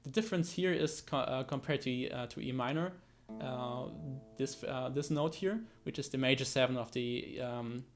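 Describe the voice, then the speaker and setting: A man's voice: mid-range voice, normal speed, few pauses. A man explaining guitar technique in a tutorial, talking with frequent fillers and restarts and counting beats aloud. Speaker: guitar teacher. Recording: loud guitar under the voice. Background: guitar playing.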